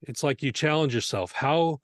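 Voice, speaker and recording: A man's voice: on the high side, lively intonation, moderate pace, dry recording, studio quality. A man teaching audio mixing, explaining earnestly and asking rhetorical questions as he goes. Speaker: mixing instructor.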